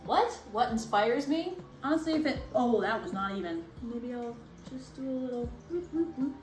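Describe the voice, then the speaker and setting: A young woman chatting casually while doing a craft project, bubbly and excitable, gasping and squealing as she goes. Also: fairly high pitch, normal speed, soft background music. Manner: vocal tics. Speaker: crafting vlogger. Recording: echoey room with faint background noise.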